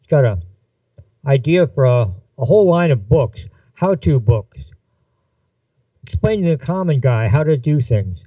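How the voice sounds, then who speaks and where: A man's voice: animated, normal speed, pauses often, dark tone, breathy edge, no room sound, far from the mic, rough recording. Man reading a gritty story aloud. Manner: voices dialogue with shifts in pitch. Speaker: narrator. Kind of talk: audiobook-style fiction reading.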